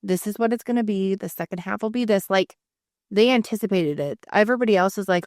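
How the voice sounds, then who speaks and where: A woman in her thirties chats on a podcast, spinning animated anecdotes and acting out what others said. Her voice sits at a middle pitch, recorded close and dry with no room sound. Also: quick pace, dry recording. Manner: animated storytelling, acting out others with laughs and swearing. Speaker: podcast co-host. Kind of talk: casual chat.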